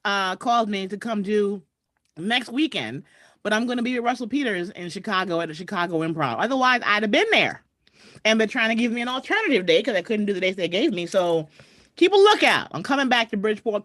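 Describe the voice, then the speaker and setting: A woman's voice: mid-range voice, very animated, brisk, fairly bright tone, dry recording, clean studio sound. A woman comedian hosting a live stream, chatting straight to viewers and greeting guests over a video call. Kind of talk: casual live-stream chat. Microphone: webcam video call.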